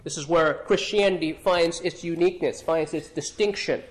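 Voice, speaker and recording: A man preaching an expository sermon, earnest, often repeating and restarting phrases and clearing his throat. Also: a little high, moderate pace. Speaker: pastor.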